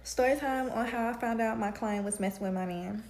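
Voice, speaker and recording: A woman who does hair from home, telling an animated storytime to camera. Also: a little high, fairly quick, reverberant. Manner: animated, builds to heated retelling. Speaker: home-based hairstylist.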